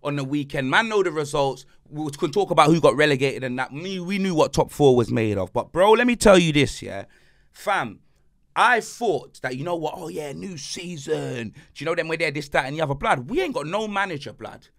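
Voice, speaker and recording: Podcast host, high animated voice, slangy fuming rant. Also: male voice, a little fast. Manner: animated, slang-heavy ranting. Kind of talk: casual banter podcast rant.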